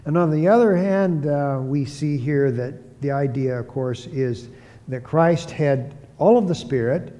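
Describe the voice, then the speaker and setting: A man's voice: a little high, a little slow, warm tone. A man preaching an expository Bible teaching, emphatic, often repeating key phrases for stress. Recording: long hall reverb.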